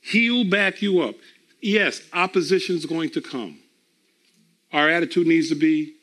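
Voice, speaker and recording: A man preaching a sermon in a slightly high voice. He speaks slowly and deliberately, with long pauses. He leans on repeated phrases to drive each point home. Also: fairly bright tone. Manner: emphatic, repeats phrases for effect; slow and deliberate, drawn-out pauses.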